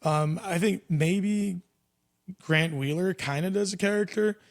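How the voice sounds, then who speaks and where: A man's voice: high-pitched, unhurried. A young man hosting a podcast in casual chat. He is laid-back and swears freely, with lots of "dude" and "like.". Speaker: podcast host and comedy show booker.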